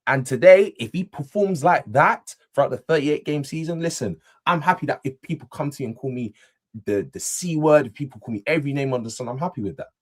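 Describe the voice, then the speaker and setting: A young man talks fast on a fan panel show. He is animated and repeats his points over and over. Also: fairly high pitch. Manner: animated, repeats himself, self-deprecating. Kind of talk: casual football fan chat.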